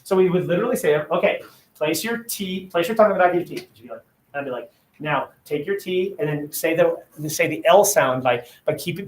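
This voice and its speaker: A man teaching an English class, sounding out letters aloud and quizzing his students as he goes. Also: fairly high pitch. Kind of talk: classroom lecture. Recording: roomy classroom echo.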